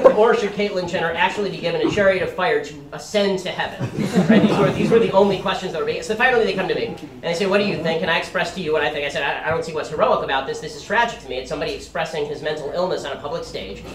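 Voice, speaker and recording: Rapid, combative young man in a roomy hall. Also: high-pitched. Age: young adult. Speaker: campus speaker. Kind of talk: political speech to a live audience. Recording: roomy hall, mic at a distance.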